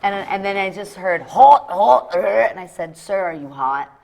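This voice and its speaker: Woman, lower pitch, animated storyteller, casual chat. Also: normal speed, over a noisy crowd. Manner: animated storyteller, acts out voices. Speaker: comedian guest.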